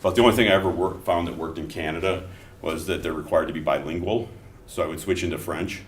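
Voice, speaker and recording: A man's voice: sits low, fairly even intonation, fast talker. Middle-aged male teacher, conversational lecture with anecdotes, heard from the back of a roomy classroom. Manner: conversational, telling anecdotes between explanations. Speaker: instructor. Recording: echoey classroom from far off, faint noise.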